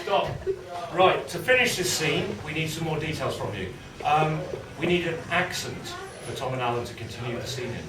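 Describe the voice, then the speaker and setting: A man hosting a live improv show, brisk and amused as he takes suggestions and sets rules. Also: on the high side, lively intonation, a crowd in the background. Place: live comedy gig venue. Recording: echoey live venue from far off, noise.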